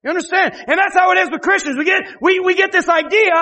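A male pastor preaching an impassioned sermon, often shouting and repeating his phrases. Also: very high voice, quick pace, long reverb tail.

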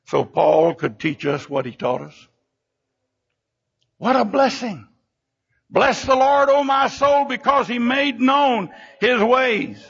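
An older man preaching a sermon with fervent emphasis, his voice leaping up and sinking low between phrases. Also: lively intonation, slow pace, creaky, a bit bright, husky. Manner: fervent preaching, sudden rises and drops in pitch and volume. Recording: dull lo-fi recording.

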